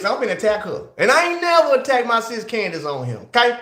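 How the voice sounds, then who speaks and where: A male livestream host who talks straight to his chat in an excitable, casual way. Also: very high voice, fast, reverberant.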